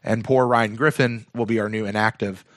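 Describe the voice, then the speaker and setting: A man's voice: lowish voice, fairly even intonation, fairly quick, no echo, studio quality. A man co-hosting a sports fan podcast, talking casually and reading listener emails, with lots of fillers and restarts. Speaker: podcast co-host.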